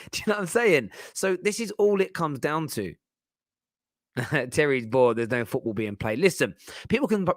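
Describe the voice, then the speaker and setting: A man's voice: mid-range voice, fairly bright tone, dry recording, clean studio sound. A man, hosting a casual football chat show, rambling and laughing often as he talks. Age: 30s. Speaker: host.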